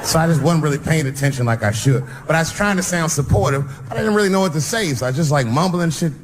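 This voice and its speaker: Male stand-up comic, animated conversational delivery with a mid-range voice, noisy live room. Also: fast. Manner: conversational storytelling with sudden swoops in pitch. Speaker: stand-up comedian. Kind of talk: stand-up comedy routine. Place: comedy stage before a live audience.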